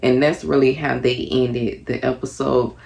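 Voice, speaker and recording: A woman's voice: a bass voice, fairly even intonation, a little slow, vocal fry, a little mellow. A young woman casually reviewing a reality TV episode, chatty and earnest, with lots of fillers. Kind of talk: casual reaction commentary.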